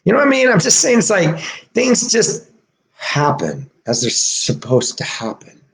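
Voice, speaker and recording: A man streaming a rambling, profane monologue, swinging from low muttering to shouting and laughing between phrases. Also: huge pitch swings, normal speed, creaky.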